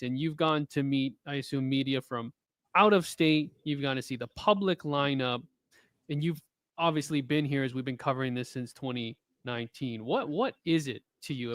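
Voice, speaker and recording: A man hosts live trial coverage, asking long, winding questions in a relaxed conversational way. His voice sits mid-range and sounds dry and close. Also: medium pitch, no room sound. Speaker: news host.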